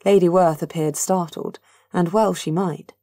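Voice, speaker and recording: A woman narrating a fantasy audiobook in an even, measured way. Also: fairly low pitch, no echo. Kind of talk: scripted narration.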